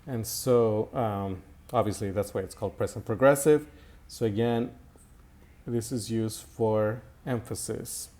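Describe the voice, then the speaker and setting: Man, language teacher, slow halting delivery, lowish voice, keyboard typing behind. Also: steady tone, dark tone. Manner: slow and halting, with many fillers and repetitions. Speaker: Italian teacher. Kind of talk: recorded language lesson.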